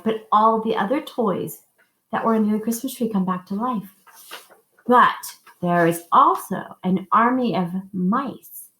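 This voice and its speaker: A woman music teacher telling a story to young children and leading simple call-and-response singing, encouraging and sing-song. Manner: slow, sing-song and encouraging, modeling high and low notes for kids. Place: school music room. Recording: echoey classroom.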